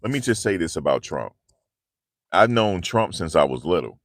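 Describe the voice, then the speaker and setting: With a low voice, big pitch swings and a moderate pace, a New York tri-state man hosts a livestream, loosely joking and answering viewers' comments. He talks into a handheld lavalier clip mic, and the sound is clean studio quality with no room sound.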